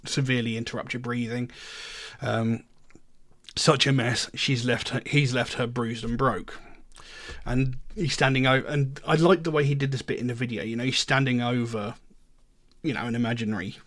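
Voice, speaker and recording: A middle-aged man hosts a music reaction, giving casual commentary in a rambling way that leans on "you know" fillers. His voice is mid-range and a bit bright.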